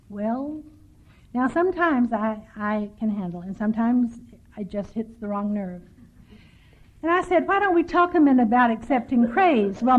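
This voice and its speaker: An older woman from Texas speaking at a recovery workshop, telling stories with dry, self-mocking humor. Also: medium pitch. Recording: tinny lo-fi 1990s tape.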